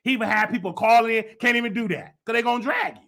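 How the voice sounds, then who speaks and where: Sharp-voiced, heated male gossip host. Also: extremely high pitch, fast. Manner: mocking, heated, sarcastic. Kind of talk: gossip commentary.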